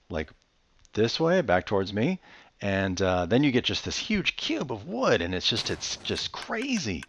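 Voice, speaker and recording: A man's voice: lowish voice, no room sound, highs cut off. A man giving casual, rambling gameplay commentary, chatty and enthusiastic with laid-back slang. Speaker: Minecraft let's-play host.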